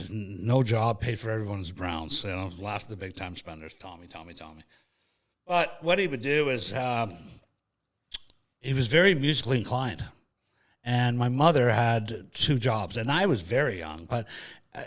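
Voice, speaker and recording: A male podcast host tells a funny family story with animated, jokey delivery. His voice sits at a middle pitch. He talks in a relaxed, casual way. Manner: animated, jokey anecdote telling.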